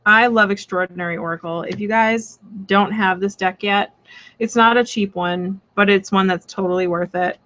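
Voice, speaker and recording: A woman's voice: medium pitch, steady tone, moderate pace, fairly bright tone, lo-fi sound. A woman hosting a live tarot reading stream, talking in a chatty, rambling way with lots of fillers, blunt and playful. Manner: blunt and playful, swears casually.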